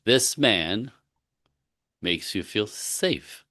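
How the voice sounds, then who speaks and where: A man working as a relationship coach, talking in a podcast conversation and stressing his points by listing them slowly. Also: lowish voice, lively intonation, sharp tone, dry recording, studio quality.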